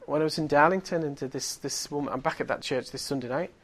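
A middle-aged man with a slightly raised voice tells a sermon story. He swings from hushed, near-whispered moments to loud, excited exclaiming. He is a lively preacher. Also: fairly high pitch, quick pace.

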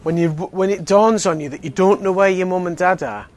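A man with a fairly high voice gives a relaxed faith talk to a group. He speaks casually and fills his sentences with "you know". He also drops in teasing jokes. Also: fairly quick. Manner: conversational, many fillers, joking asides. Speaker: Alpha course speaker. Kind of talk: evangelistic talk.

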